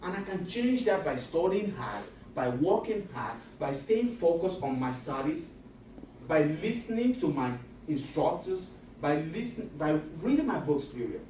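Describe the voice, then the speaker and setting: A man delivers a motivational talk to a room of high school students, hammering each point through repetition and questions to the crowd. His voice carries from well away from the microphone and rings around an echoey hall, with a faint hum of room noise underneath. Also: very animated, unhurried, warm tone. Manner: emphatic and repetitive, asks the audience questions. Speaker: motivational speaker. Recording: echoey room recorded from a distance.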